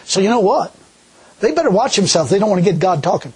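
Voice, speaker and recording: A man preaching a sermon in a folksy, animated way, full of rhetorical questions. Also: high voice, fast talker, breathy edge.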